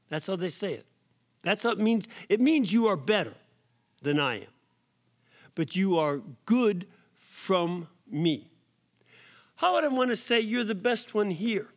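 A man preaching as a priest, his voice unusually high for a man. He talks at a slow, unhurried pace, punching single words with sudden rises in volume. At times he drops to a soft whisper for effect. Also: very animated. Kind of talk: sermon. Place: prison chapel or hall.

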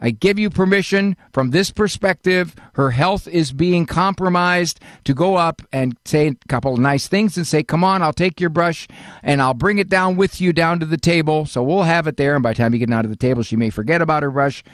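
A man's voice: a little high, fairly quick, no room sound, clean studio sound. An older man hosting a call-in advice show, folksy and fatherly, often acting out what other people say. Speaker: radio call-in host, psychologist.

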